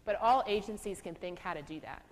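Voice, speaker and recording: A woman's voice: mid-range voice, a little fast. A woman speaker giving a lecture on trauma, telling stories from her casework and acting out the voices of the people in them. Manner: storytelling, animated when acting out quotes, laughs. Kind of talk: lecture to a law school audience. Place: lecture hall. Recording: reverberant lecture hall.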